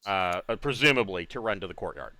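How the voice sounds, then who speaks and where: A man running a tabletop game as game master, narrating casually and often pausing to correct himself. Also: deep voice, lively intonation, sharp tone, no room sound. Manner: halting, self-correcting, casual.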